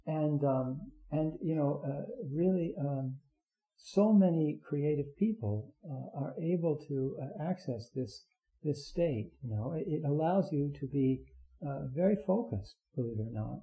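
A man giving a rambling Zen talk, halting often with fillers and restarts. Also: on the high side, expressive. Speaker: Zen teacher. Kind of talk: dharma talk. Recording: roomy, dull lo-fi recording.

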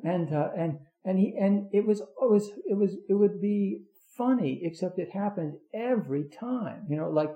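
A man giving a rambling Zen talk, halting often with fillers and restarts. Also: high-pitched. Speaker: Zen teacher. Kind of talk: dharma talk. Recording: roomy, dull lo-fi recording.

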